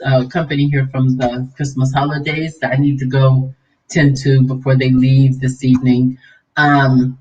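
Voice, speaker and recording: A vlog host with an extremely low voice gives livestream commentary, preaching and scolding with conviction before turning chatty and laughing with viewers. The highs are cut off, and she sits a bit away from the mic, sounding slightly distant.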